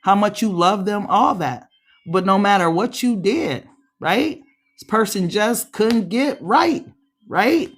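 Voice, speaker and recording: A woman runs a tarot reading in a loose, chatty way, speaking straight to her viewers. She is animated and slangy, often breaking into laughs and acting out little quotes at a middling pitch. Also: slow. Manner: frequent laughs and acted-out quotes; slangy, uses mild profanity. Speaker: tarot reader. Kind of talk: casual tarot reading to camera.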